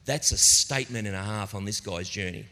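A middle-aged man preaching a sermon as a pastor, telling stories in an animated, conversational way. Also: fairly low pitch, brisk. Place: church auditorium. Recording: long reverb of a church hall.

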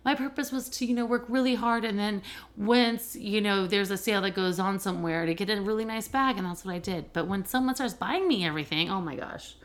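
A woman's voice: mid-range voice, brisk. A middle-aged woman hosting a podcast, an educator who works with children and families, talking candidly in a casual monologue and telling stories with many fillers. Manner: candid, animated storytelling with frequent fillers.

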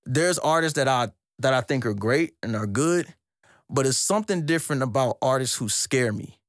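A young man co-hosting a casual podcast, talking about music in an animated, profane way and leaping into a high excited voice when he quotes himself. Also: moderate pace, no echo, clean studio sound. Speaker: podcast co-host.

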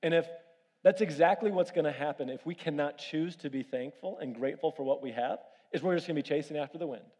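A man with a fairly high voice delivers a sermon, jumping between animated family anecdotes and quieter appeals to the congregation. His voice carries a long hall reverb, as if recorded in a large church. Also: quick pace, slightly rough. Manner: animated storytelling with audience questions. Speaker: pastor.

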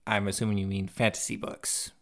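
A man's voice: on the low side, level tone, brisk, creaky, fairly bright tone. Dry, teasing male podcast co-host. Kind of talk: casual chat.

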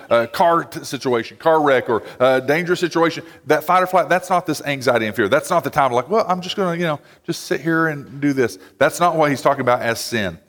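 A man's voice: medium pitch, fairly bright tone. A man preaching a sermon in a casual, conversational way, full of "like" and "you know.". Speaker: pastor. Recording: long hall reverb.

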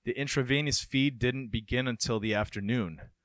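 A man's voice: medium pitch, moderate pace, no room sound, clean studio sound. A man co-hosting a podcast, reading a news story aloud and chatting animatedly. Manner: animated, laughs often. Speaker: podcast co-host.

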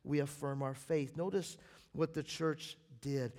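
A man preaching a sermon as pastor, swinging between loud emphatic bursts and quiet, low passages. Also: steady tone, a little slow. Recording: long hall reverb.

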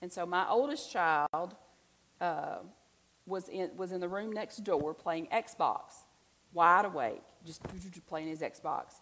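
A woman preaches in a relaxed, chatty way, with a slightly low voice. She tells stories and asks her listeners questions as she goes. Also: slow pace, a little hiss or hum, poor audio. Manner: chatty, animated storytelling with rhetorical questions to the congregation. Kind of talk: conversational sermon.

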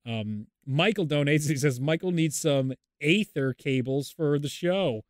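Laughing, animated male podcast co-host. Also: fairly high pitch, measured pace, dry recording, clean studio sound. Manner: animated, laughs often, rambling. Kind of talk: casual chat.

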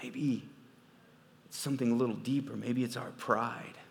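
A man preaching a sermon as pastor, swinging from quiet, low asides to loud, emphatic peaks. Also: fairly even intonation, normal speed, creaky. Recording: long reverb of a large hall.

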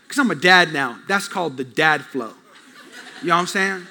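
A man's voice: high-pitched, a little slow. A man preaching a sermon with humor, telling family stories and talking directly with the congregation. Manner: animated, acts out family scenes; talks with the congregation. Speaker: pastor.

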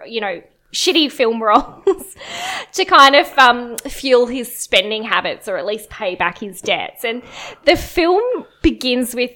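Bright enthusiastic woman recapping a film. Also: fairly high pitch, big pitch swings, a little slow. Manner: enthusiastic, summarizes at length. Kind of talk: casual chat, film recap.

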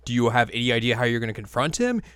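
A man's voice: mid-range voice, very animated, racing, a bit bright, clean tone, no room sound, studio quality. A man voicing an exasperated young male monk who lectures a reckless friend with incredulous questions. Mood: questioning.

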